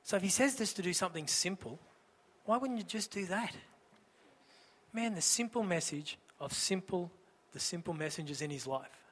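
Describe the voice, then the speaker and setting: A man's voice: high-pitched, expressive, normal speed, fairly bright tone, husky, big-room sound. A man preaching a sermon in a church, telling the story conversationally and asking the congregation rhetorical questions. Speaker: pastor.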